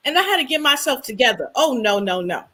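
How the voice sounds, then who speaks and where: Sassy high bright-voiced woman. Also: quick pace. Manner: sassy, opinionated, animated. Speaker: co-host reacting to a reality show. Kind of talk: casual chat.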